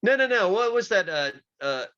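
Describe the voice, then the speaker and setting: A man telling rambling stories in casual chat, halting and full of fillers as he talks about pipefitting union work. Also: sits high, very animated, bright, forceful tone. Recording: slightly dull lo-fi sound.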